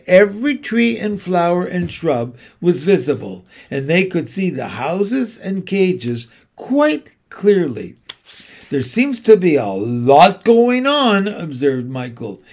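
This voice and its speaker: A man reading a children's storybook aloud in an unhurried, expressive way. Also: on the high side. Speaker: audiobook narrator.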